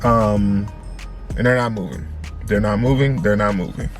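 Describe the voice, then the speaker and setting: A man, a family vlogger, casually telling a story to camera in an animated, slangy way, repeating phrases for emphasis. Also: on the low side, moderate pace, soft background music. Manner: slangy, conversational.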